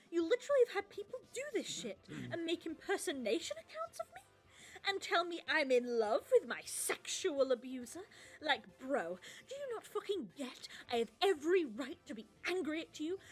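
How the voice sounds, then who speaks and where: Woman, high lively voice, raw bitter rant full of swearing, faint music bed. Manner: swearing, bitter, voice breaking into tears at times. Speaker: person venting in a played voice clip. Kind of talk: angry emotional rant.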